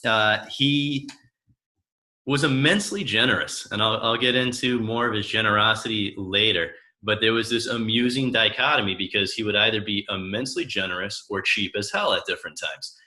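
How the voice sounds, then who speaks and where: A man in his thirties tells personal stories about family in a lively way. His voice is a little low for a man and bright, with a forward edge, and he acts out the lines of the people he quotes. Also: normal speed. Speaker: coach. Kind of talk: personal storytelling talk.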